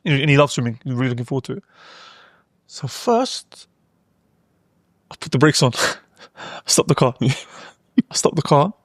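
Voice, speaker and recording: A man, telling a family story in a fast, animated way on a podcast. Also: medium pitch, no echo, studio quality. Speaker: podcast co-host. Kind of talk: casual chat.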